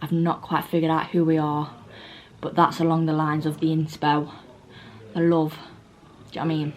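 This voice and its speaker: A woman's voice: low voice, monotone, normal speed. Vlogger, young woman, rambling casual chat, handheld phone, faint background hiss. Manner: chatty, rambling, laughs often, lots of "um". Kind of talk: casual chatty vlog.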